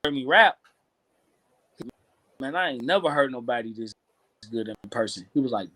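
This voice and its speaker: Male rapper, 30s, Kentucky Southern accent, relaxed slangy storyteller, mid pitch, dry recording. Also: normal speed, long pauses, dry recording. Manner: laid-back slangy storytelling. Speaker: rapper guest. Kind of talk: casual interview chat.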